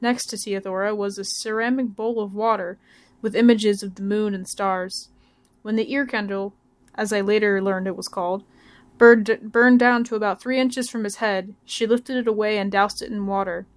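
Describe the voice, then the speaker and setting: A woman's voice: medium pitch, steady tone, moderate pace. Woman reading a novel aloud. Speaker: student reader.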